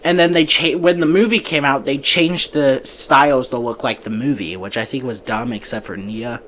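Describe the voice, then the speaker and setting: A man's voice: medium pitch, steady tone, moderate pace, fairly bright tone, slight background noise. Casual chatty man hosting a podcast. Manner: chatty, breezy opinions with frequent restarts. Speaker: podcast host. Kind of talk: casual movie podcast chat.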